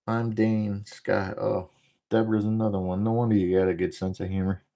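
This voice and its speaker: A man from the northern United States hosting a casual livestream, talking fast and rambling through jokes while he reads out viewer comments. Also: fairly low pitch, little pitch movement, dark tone. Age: adult, former military. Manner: rambling, joking, talks fast. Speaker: livestream host.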